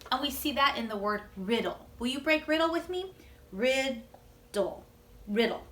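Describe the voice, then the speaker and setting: A woman teaching a recorded lesson for children, gentle and encouraging, and inviting them to join in. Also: on the high side, echoey room, slight background noise. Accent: American.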